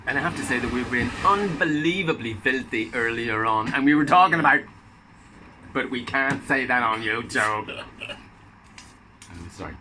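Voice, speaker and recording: A man's voice: medium pitch, moderate pace, long pauses, background noise. A man hosting a casual on-camera chat, with playful, joking banter. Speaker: host.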